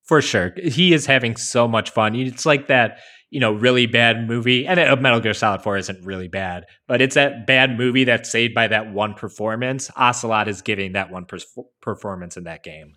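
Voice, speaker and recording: A man's voice: medium pitch, moderate pace, hardly any pauses. A man co-hosting a podcast, talking casually and analytically with plenty of fillers. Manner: relaxed, explanatory, many fillers. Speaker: podcast co-host.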